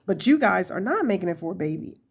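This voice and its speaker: A woman's voice: lowish voice, sing-song, fast, slightly rough. A young woman hosting a casual crochet tutorial, chatty and laughing often as she talks to her viewers.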